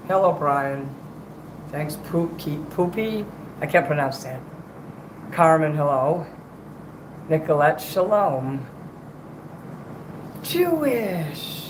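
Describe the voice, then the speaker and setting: A man's voice: a little high, a bit bright, echoey room, a little hiss or hum, rough recording. A man livestreaming and chatting between karaoke songs, talking in a profane, rambling way with a strained, worn-out voice. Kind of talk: livestream chat with karaoke singing.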